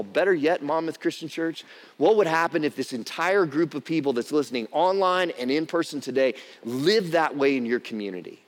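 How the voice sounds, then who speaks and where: A man's voice: a little high, expressive, a little fast. Guy pastor preaching, chatty storytelling then punchy, long echo from the church hall. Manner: conversational storytelling, rising to emphatic peaks. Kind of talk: sermon.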